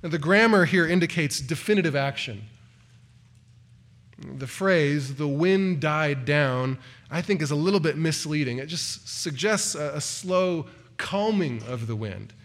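A man's voice: on the high side, lively intonation, unhurried, a bit bright. A man preaching an expository sermon, earnest, rising in emphasis on quoted cries, with occasional stumbles and restarts. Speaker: pastor.

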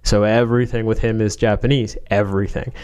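A man's voice: lowish voice, level tone, a little fast, a little mellow, clean tone. A man in casual chat, rambling through a story with many fillers, restarts and joking asides.

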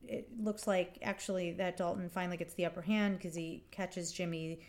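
A woman with a somewhat low voice co-hosts a podcast in easy, casual chat. She mostly chimes in with short agreements and occasionally fills in what her partner forgot. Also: fairly even intonation, normal speed, a little mellow. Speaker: podcast co-host.

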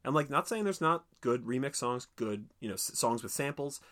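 Reviewing a film in a casual podcast chat, this co-host gripes and riffs with profanity and mock voices. He sounds animated and fairly quick, his mid-range voice a bit bright.

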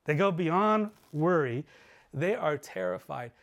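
A pastor delivers an earnest sermon in a notably high voice for a man. He presses his points and then lets his voice fall low and quiet to drive them home. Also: animated, slow pace. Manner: earnest preaching, voice dropping low and soft for emphasis. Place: church livestream.

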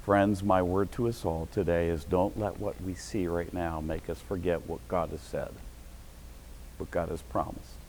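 Man, deep voice, middle-aged pastor, sermon, fervent bursts, faint hiss. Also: unhurried, poor audio. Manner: preaches with sudden shouted bursts of excitement.

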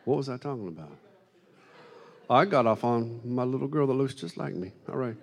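A man preaching a sermon, telling funny stories in an animated, self-deprecating way to a congregation. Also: medium pitch, normal speed. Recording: long hall reverb.

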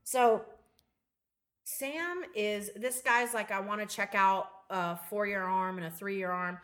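A woman's voice: mid-range voice, slow pace. A woman co-hosting a casual podcast, telling a workplace story with lots of swearing and acted-out voices. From Southern California. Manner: swears freely, tells stories with loud laughing impressions. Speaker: podcast co-host. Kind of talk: casual chat.

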